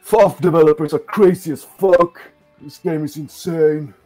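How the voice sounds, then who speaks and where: Man, let's-play banter, laughing, slightly high voice, faint music. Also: steady tone, unhurried. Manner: laughing, loud outbursts, doing character voices. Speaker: gamer co-player.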